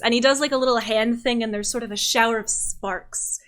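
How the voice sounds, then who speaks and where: A woman running a tabletop game as game master, narrating scenes and voicing characters in a relaxed, chatty way. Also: on the high side, brisk, hardly any pauses.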